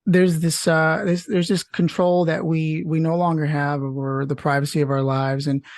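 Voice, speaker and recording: Podcast host guy, a bit higher voice, stops and starts while asking stuff, dry mic. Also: little pitch movement, darkish tone, dry recording. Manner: halting, thinks aloud with fillers, laughs easily. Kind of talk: casual interview chat.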